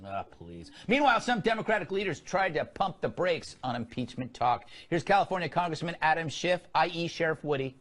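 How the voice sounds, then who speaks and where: A man's voice: fairly high pitch, very animated, fairly quick, hardly any pauses, a bit bright. Sarcastic male talk show host. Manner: wry, sarcastic delivery. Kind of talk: comedic monologue and panel hosting. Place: television studio.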